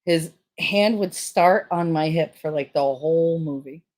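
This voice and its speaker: A woman's voice: deep voice, measured pace, darkish tone. A woman hosting a casual livestream, telling frank, profane stories and reading out chat comments. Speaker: streamer host.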